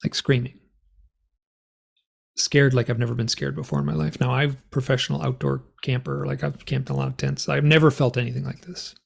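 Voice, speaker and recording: A man telling his story in a rambling, animated way, full of fillers, as a guest on an interview show. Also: medium pitch, brisk, vocal fry, breathy edge. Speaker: guest author and experiencer. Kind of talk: conversational storytelling.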